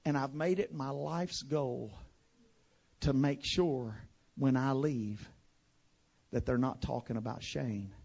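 A pastor from West Monroe, Louisiana, with a Southern accent, preaching a fiery sermon to a congregation. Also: male voice, medium pitch, takes it slowly, vocal fry, muffled recording. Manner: fiery preaching, swinging from hushed to shouted.

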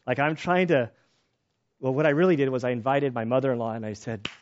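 A man preaching a sermon in a casual, conversational way, telling personal stories and getting animated when excited. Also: mid-range voice, a little fast, lo-fi sound. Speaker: pastor.

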